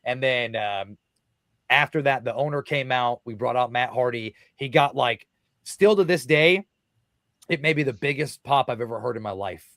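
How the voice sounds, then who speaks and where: A man in his thirties, a podcast guest telling a wrestling story in casual, excitable talk, swearing often and acting out quotes. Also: medium pitch, moderate pace, no room sound.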